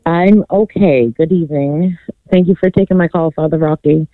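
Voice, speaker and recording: A woman calling in to a radio show, speaking haltingly about her grief. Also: sits low, no echo. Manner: halting, grieving. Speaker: caller. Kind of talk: phone call to a radio show. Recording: tinny phone line.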